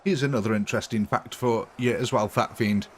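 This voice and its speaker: A man's voice: mid-range voice, fairly quick, slight background noise. Man, casual streamer chat, rambling, fillers, frequent laughs. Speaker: livestreamer chatting with viewers.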